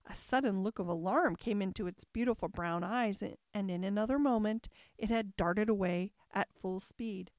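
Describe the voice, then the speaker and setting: A woman narrating a classic storybook in a calm, even storytelling manner. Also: medium pitch, moderate pace, hardly any pauses, no echo, studio quality. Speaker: audiobook narrator.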